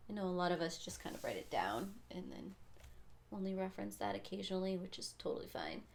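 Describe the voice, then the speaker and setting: Gravelly-voiced woman, rambling livestream chat. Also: lowish voice, sing-song, fast talker, a little mellow, slight background noise. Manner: rambling, self-deprecating, drops to whispers. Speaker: livestream host. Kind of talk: casual livestream chat while coloring.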